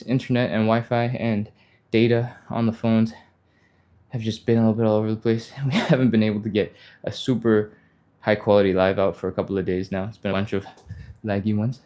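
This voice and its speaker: Mellow-voiced man coaching a live stretch. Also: fairly low pitch, level tone, fairly quick. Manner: talks while exercising, breathy exertion sounds and sighs; encouraging, casual, reads viewer comments aloud. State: a little out of breath. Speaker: stretching instructor. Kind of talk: live follow-along workout instruction.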